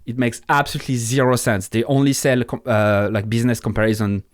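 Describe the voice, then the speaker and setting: A man's voice: medium pitch, level tone, fast talker, no room sound, clean studio sound. A man with a French accent, a podcast guest in casual interview talk, blunt and swearing freely, often restarting his sentences. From France.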